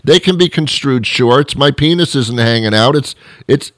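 A man hosting a show, delivering a rambling comedic monologue full of restarts and deadpan absurd asides. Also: a little high, normal speed, dry recording, studio quality. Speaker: show host.

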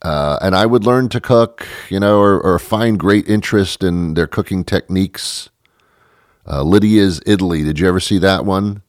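This man speaks at a normal pace in a low register, hosting a podcast with a sarcastic, meandering comic monologue that keeps breaking off and starting over. The sound is clean and dry, like a studio.

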